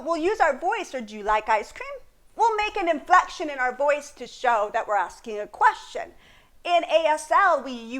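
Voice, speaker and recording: High-pitched woman, friendly explainer, teaching a beginner sign language class on video. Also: fairly bright tone. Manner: chatty, explains with examples and laughs often. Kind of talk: casual video lesson.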